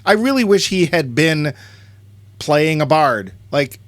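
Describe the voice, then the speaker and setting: A man's voice: fairly high pitch, sing-song, slow, noisy background. A man co-hosting a casual movie review podcast, chatty and joking. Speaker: podcast co-host.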